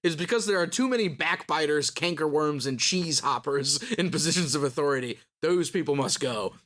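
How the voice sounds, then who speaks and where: Man voicing a shabby cryptic old man, pompous, pitched up a bit. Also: a little fast, a bit bright, lightly acted. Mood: grandiose.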